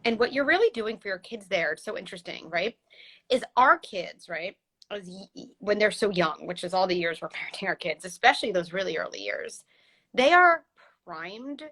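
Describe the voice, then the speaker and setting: A woman hosting a casual conversation as a parenting psychologist, explaining with lively examples over a video call. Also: medium pitch, moderate pace, breathy edge. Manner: animated, explains with vivid examples. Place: home, recorded livestream.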